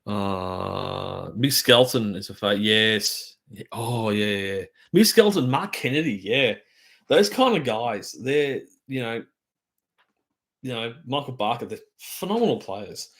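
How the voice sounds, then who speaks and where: Aussie guy, fairly low voice, rambly live-stream chat, keeps saying um and like. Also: lively intonation, slow pace, gravelly, fairly bright tone. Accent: Australian. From Australia. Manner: rambling, filler-heavy, enthusiastic storytelling. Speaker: drum channel host.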